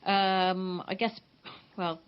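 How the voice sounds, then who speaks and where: A woman guest on a radio interview, answering in a hesitant, halting way with many fillers. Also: mid-range voice, level tone, smooth. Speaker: guest blogger. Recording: dull lo-fi radio recording.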